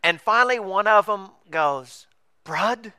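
A man's voice: high-pitched, animated, slow, pushed and bright, clear, resonant tone, dry recording. A man telling a funny mission-trip story as a sermon, acting out the voices of people and laughing as he goes.

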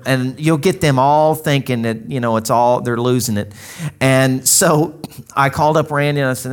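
This is a man in his thirties from Arkansas, delivering a sermon. He tells it as a personal story in a relaxed, conversational way and acts out the lines of the people in it. His voice sits in an ordinary middle range. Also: medium pitch, normal speed. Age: 30s. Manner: conversational storytelling with acted-out quotes. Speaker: pastor.

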